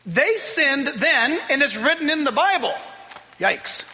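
A man preaching with a high, bright voice that swoops up and down and turns gravelly at the edges. He talks conversationally and slips in jokes. A long reverb trails his words over faint music. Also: unhurried. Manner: animated, conversational, joking asides. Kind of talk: sermon.

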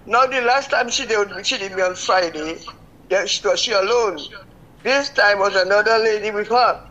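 A woman's voice: medium pitch, moderate pace, a bit bright, muffled recording. An older woman calling in to a radio show, venting her frustration emphatically and repeating herself. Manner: vexed, repetitive, emphatic. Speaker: caller. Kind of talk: call-in radio complaint.

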